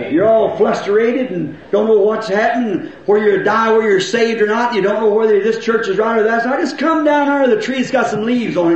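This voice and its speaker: A man's voice: sits high, lo-fi sound. Folksy man preaching in an echoey church. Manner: folksy rural grammar, questions to the crowd, bursts of shouting. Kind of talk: revival sermon. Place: church hall with congregation. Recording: very echoey old church recording.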